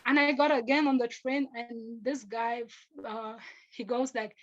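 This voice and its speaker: Earnest young woman from Africa, halting storyteller. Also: a little high, fairly even intonation, highs cut off. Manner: earnest, halting, with restarts, acts out quoted speech. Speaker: panelist. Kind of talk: personal storytelling on a panel.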